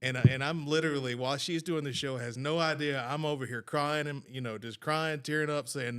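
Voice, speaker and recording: A man's voice: medium pitch, steady tone, a little fast, few pauses, fairly bright tone, clear, resonant tone. Earnest man telling a heartfelt story. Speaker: podcast producer. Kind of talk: casual podcast conversation. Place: podcast studio.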